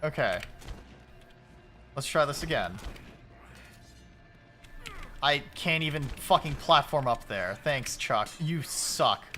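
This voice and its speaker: A man in his late twenties talks loosely through a game stream, with a bright, forceful tone and lively jumps in pitch. He swears freely and barks at the game when a fight goes badly. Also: takes it slowly, pauses often, soft background music. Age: late 20s. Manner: loose, profane, yells at the game. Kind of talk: casual game-stream chat.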